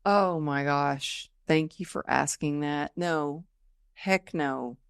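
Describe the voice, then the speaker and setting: A woman guest on a podcast, telling her story in a casual, lively way and acting out the people she quotes. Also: low voice, takes it slowly, creaky, clear, resonant tone, no echo, studio quality. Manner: lively storyteller who acts out quoted dialogue. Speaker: podcast guest, motivational speaker.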